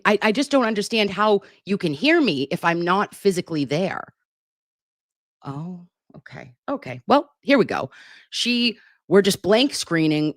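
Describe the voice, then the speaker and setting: A woman's voice: medium pitch, no room sound, clean studio sound. A middle-aged woman hosting a casual livestream, chatting affectionately and reading out viewer comments at her desktop computer. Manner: chatty, affectionate, self-deprecating. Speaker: livestream host. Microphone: computer mic at a desktop.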